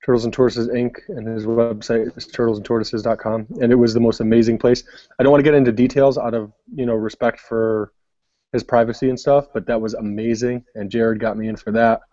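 A man's voice: medium pitch, flat delivery, brisk, mellow, no room sound, lo-fi sound. A young adult man telling a long story in casual podcast chat, rambling with many fillers. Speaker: podcast co-host.

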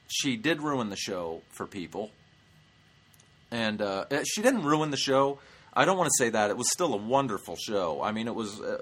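A man's voice: medium pitch, fairly bright tone. A male stand-up comedian hosting his show, telling a story in a brash, profane way. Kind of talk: comic storytelling vlog.

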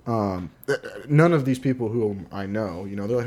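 A man's voice: fairly low pitch, lively intonation, normal speed, few pauses, darkish tone. A man telling a long story on a casual podcast, swearing freely and acting out what people said. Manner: profane, rambling, acts out quotes. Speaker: podcast co-host.

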